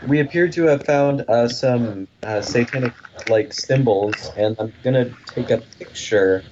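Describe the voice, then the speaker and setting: A man's voice: medium pitch, unhurried, a little mellow, dull audio, slight background noise. A man player talking casually and hesitantly, with many fillers, in a tabletop game. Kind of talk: casual chat while playing.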